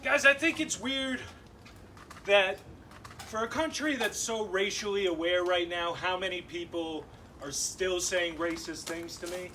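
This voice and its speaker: Young man, stand-up comic, high bright voice, picked up from a distance in a club. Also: a little slow, slight background noise. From Massachusetts. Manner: animated, punchy delivery with laughing asides. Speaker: stand-up comedian. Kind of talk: stand-up set. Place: comedy club.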